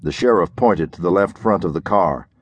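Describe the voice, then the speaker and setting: A man narrating an audiobook in a measured, steady way. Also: low voice, husky, no echo, lo-fi sound.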